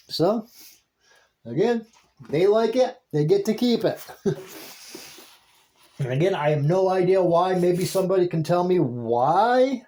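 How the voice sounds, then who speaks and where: A worm-composting vlogger narrates a check of his home worm bin in an unhurried, easygoing drawl, his voice mellow, dark, and sitting high. He rambles haltingly with frequent restarts, and, easily delighted, lets out small laughs as he goes.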